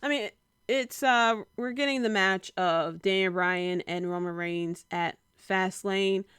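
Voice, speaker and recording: A woman hosting a podcast, recapping in a casual, rambling way with lots of filler pauses and wry asides. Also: mid-range voice, a bit bright, smooth, dry recording, studio quality. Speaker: wrestling podcast host.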